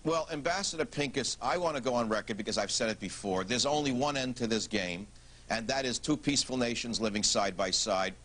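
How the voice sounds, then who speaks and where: A male television talk show host with a voice of ordinary, mid-range pitch. He speaks bluntly and emphatically, pushing his points with rhetorical questions. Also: fairly quick, fairly bright tone.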